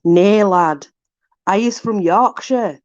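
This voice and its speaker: A woman reading out the lines of a blunt, gruff Yorkshireman on a train, in a brusque tone. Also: mid-range voice, slow, darkish tone, no echo, dull audio, lightly acted.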